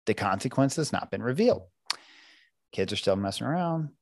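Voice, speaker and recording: A middle-aged man talks through parenting tools with a lively, swinging pitch, and his voice sits close and dry on the mic. He often slips into short acted lines as a parent or a child. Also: fairly quick, vocal fry, no room sound. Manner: animated, acts out parents and kids in quoted voices. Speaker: parenting coach guest. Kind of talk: podcast interview explaining parenting techniques.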